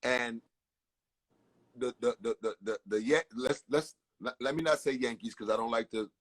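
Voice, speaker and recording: A man's voice: mid-range voice, moderate pace, poor audio. A man from the Caribbean, an interview guest telling stories casually and emphatically, stumbling over and repeating his words.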